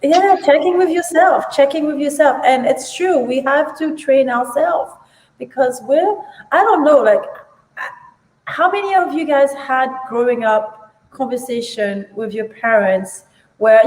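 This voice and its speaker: A woman's voice: high-pitched, a little mellow. A woman co-hosting a casual chat, speaking reflectively and repeating key phrases for emphasis. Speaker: co-host. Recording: echoey room, long reverb.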